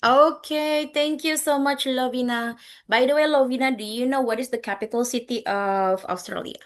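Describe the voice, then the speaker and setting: A woman's voice: high voice, normal speed. Chatty Indonesian woman teaching English. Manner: chatty, mixes in Indonesian words, laughs often. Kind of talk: online class questioning students.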